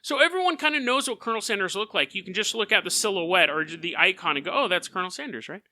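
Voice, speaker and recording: A man hosting a casual storytelling podcast in an animated way, often laughing mid-sentence. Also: high voice, quick pace, no echo. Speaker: podcast host.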